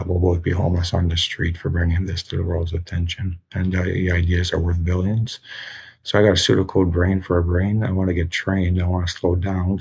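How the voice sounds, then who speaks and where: A very husky, deep man rants at the camera in an agitated, rambling way, swearing freely. His delivery stays flat and monotone, and the recording sounds dull and lo-fi. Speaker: vlogger appealing for funds. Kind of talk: unscripted rant to camera.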